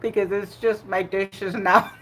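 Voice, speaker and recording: In a mid-range voice with a steady tone and measured pace, an older woman runs a casual bingo livestream, chatting, laughing frequently and greeting viewers by name. Background noise can be heard.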